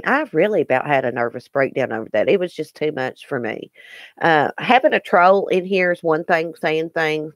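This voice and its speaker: A woman's voice: deep voice, no room sound. Lady chatting live with her viewers, earnest, lots of ums, dead dry sound. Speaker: YouTube live-stream host. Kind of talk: casual live-stream chat, answering viewer comments.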